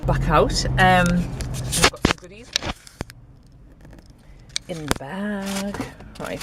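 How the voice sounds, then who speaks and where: A woman from Newcastle with a Geordie accent softened by travel and London, chatting casually in a vlog while she drives, with lots of "um"s and laughs. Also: mid-range voice. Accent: Geordie, mixed with travel and London. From Newcastle, England. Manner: chatty and rambling, many "um"s, laughs often. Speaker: vlogger. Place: in a car, then outside in town. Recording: loud car and street noise.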